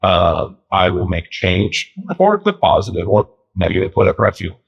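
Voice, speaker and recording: A man co-hosting a podcast in casual chat, animated and laughing often, slipping into joke accents. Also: low voice, moderate pace, gravelly, slightly rough, lo-fi sound. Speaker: podcast co-host.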